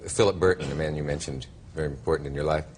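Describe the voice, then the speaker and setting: A man's voice: a bass voice, fairly even intonation, racing, darkish tone, slight background noise. A man hosting a talk show, asking questions in a wry, teasing way.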